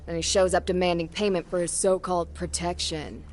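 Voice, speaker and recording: An actress playing a tired, exasperated potion merchant in a video game, talking in an everyday, put-upon way. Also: female voice, lowish voice, fairly even intonation, a little fast, darkish tone, soft background music, natural voice. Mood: weary. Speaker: shopkeeper.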